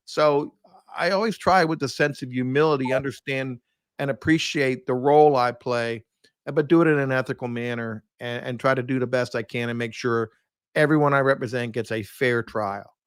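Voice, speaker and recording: A middle-aged man who is a defense attorney, a guest on a podcast, speaking in a measured, earnest way with some hesitant restarts. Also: mid-range voice, steady tone, clean tone, no echo.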